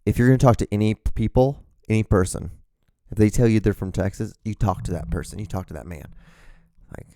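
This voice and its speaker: A man in his thirties hosting his own show, rambling excitably in a casual, profane monologue. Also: fairly low pitch, fast, no echo, clean studio sound. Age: 30s. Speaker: show host.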